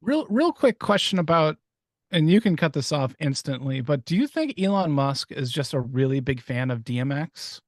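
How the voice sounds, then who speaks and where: A young man co-hosting a podcast, tossing out wry asides and teasing jokes. His voice sits a touch high, and the sound is close and dry. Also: big pitch swings, moderate pace, no echo. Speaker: podcast co-host. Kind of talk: casual chat.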